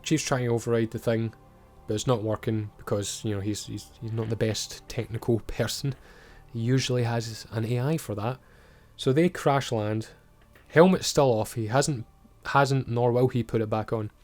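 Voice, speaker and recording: A man casually recapping a TV episode and acting out the characters' lines, swearing and animated. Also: mid-range voice, moderate pace. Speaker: video reviewer. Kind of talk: casual recap with acted-out quotes.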